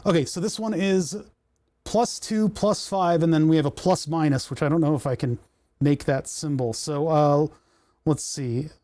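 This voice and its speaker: Mellow-voiced man muttering through a livestream. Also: fairly high pitch, steady tone, normal speed, no room sound, studio quality. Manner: rambling, talks to himself while fiddling with menus. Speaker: livestream host. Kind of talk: casual livestream chat while working. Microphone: desk microphone.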